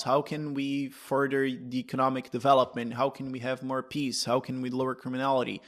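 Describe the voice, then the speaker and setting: A Brazilian man with a mid-range voice, Portuguese being his first language, appears as a libertarian commentator in a casual interview. He rambles, breaks into his own sentences, begins phrases over and laughs frequently.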